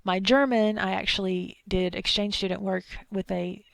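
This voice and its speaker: A woman's voice: medium pitch, steady tone, normal speed, creaky, no echo. A woman from Arkansas with a thick Southern accent, giving a chatty, digressive lecture with asides. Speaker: instructor. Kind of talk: recorded lecture.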